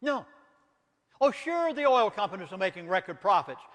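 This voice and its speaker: A man's voice: high voice, lively intonation, fast talker, fairly bright tone, big-room sound. A man with a Southern US accent, a minister giving an impassioned lecture in an emphatic, preacherly manner, full of rhetorical questions.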